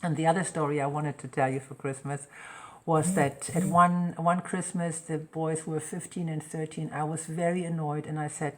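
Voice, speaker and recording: Middle-aged woman host with a low voice, chatting on a live stream and performing every line of her stories. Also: normal speed. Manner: lively storyteller who acts out quoted dialogue. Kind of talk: casual live-stream storytelling.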